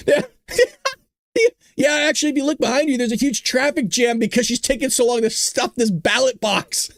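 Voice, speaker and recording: A man's voice: extremely high pitch, moderate pace, gravelly, a bit bright, dry recording, studio quality. A man hosting a morning news commentary show in a casual, sarcastic manner, often laughing. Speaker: host.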